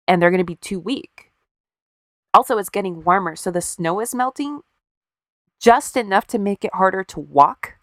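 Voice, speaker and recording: A woman's voice: on the low side, no room sound, studio quality. A woman co-hosting a podcast, casually telling a story with wry, profane asides and acted-out quotes. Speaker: podcast co-host.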